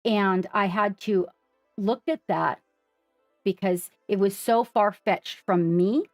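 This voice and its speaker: A woman's voice: mid-range voice, takes it slowly, no room sound, clean studio sound, faint music behind. A woman on a livestream, earnestly sharing her story and speaking straight to the viewers in a casual way.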